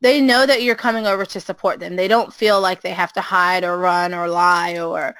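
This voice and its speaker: A woman talks with a bright, forceful voice. She tells stories in a lively way and jumps up in pitch whenever she quotes a child or a parent. The sound is dry and close, with no room echo. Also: moderate pace, smooth. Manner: animated storyteller, acts out quotes with a higher voice. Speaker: preschool teacher. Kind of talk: casual storytelling chat.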